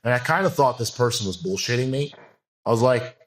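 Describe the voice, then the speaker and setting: Speaking fairly quickly at medium pitch, a male bodybuilding coach chats as a podcast guest. His casual interview story is candid and meandering, riddled with fillers and restarts.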